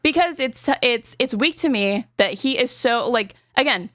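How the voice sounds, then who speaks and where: A podcast host in casual political chat, talking fast and arguing, with lots of filler words and swearing. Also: female voice, a little high, lively intonation, a bit bright, dry recording, studio quality. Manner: rapid, argumentative, heavy on filler words and swearing.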